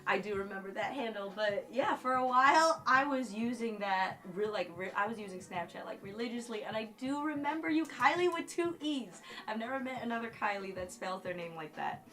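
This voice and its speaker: A woman's voice: mid-range voice, fairly quick, few pauses, sharp tone. A woman live streaming and chatting casually with her viewers, talking emotionally with lots of fillers and swinging between tears and giggles.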